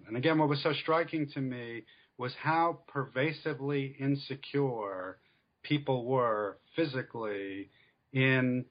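Measured man explaining at length. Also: mid-range voice, muffled recording. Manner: measured, explanatory, many fillers. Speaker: author guest. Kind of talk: academic interview answer.

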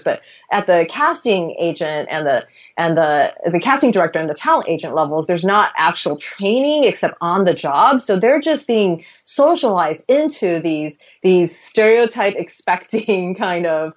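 An American woman speaking in a conversational interview as an author, animated, laughing often and restarting her phrases. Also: fairly low pitch, lo-fi sound.

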